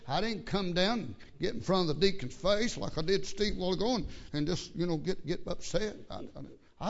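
A man's voice: sits high, creaky, muffled recording. A man pastor telling a story in a sermon, folksy and repetitive with stammering restarts. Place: church.

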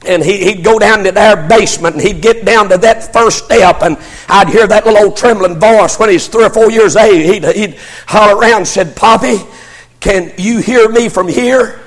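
An older pastor preaches with fervor, often rising to a shout and tripping over restarts. His voice sits high for a man and has a husky grain. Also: brisk, hardly any pauses, long reverb tail. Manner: fervent preaching that swells into shouting, with many stammered restarts. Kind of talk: sermon.

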